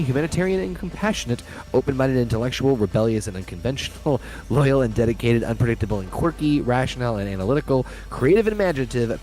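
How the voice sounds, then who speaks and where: A man's voice: medium pitch, a little mellow. A middle-aged man hosting a casual gaming chat, swearing and joking, reading lists aloud. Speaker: host.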